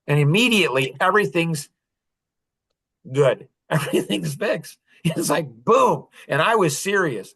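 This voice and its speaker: A middle-aged podcast host tells a personal story in casual, earnest, confessional fashion, slipping small laughs between phrases. His voice sits on the high side and is expressive and measured, fairly bright, with vocal fry and a breathy edge.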